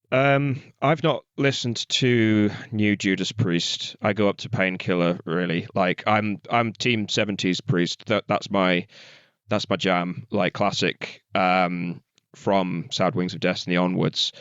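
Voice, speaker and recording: A man's voice: lowish voice, fairly even intonation, slow, fairly bright tone, clear, resonant tone, no echo, highs cut off. A man co-hosting a podcast, chatting loosely about music with lots of "like" and the odd swear. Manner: loose, chatty, frequent "like" and profanity. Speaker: podcast co-host. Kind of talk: casual music chat.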